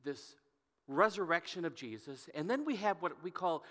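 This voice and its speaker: A middle-aged man preaching as a pastor, telling a story in an earnest, halting way and often dropping to a hushed voice. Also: a little high, animated. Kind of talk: sermon storytelling. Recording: long reverb from a hall.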